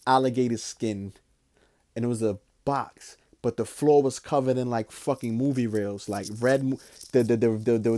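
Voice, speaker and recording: Young male podcast host, mellow voice, animated profane storyteller with lots of fillers. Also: medium pitch. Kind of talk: casual storytelling.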